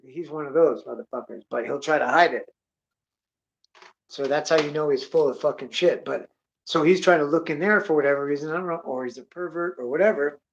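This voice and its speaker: Brief: blunt, swearing man, slightly high voice, spinning a long story; dull lo-fi sound. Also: fairly quick, vocal fry, slight background noise. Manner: rambling, heavy swearing, blunt. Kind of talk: profane storytelling monologue. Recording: dull lo-fi audio.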